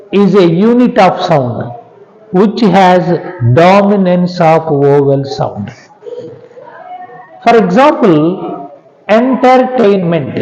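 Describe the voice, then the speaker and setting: A man with an Indian English accent teaches children in a slow, patient lesson, repeating each example word aloud. His voice sits fairly high for a man, and the recording sounds dull and lo-fi. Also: darkish tone.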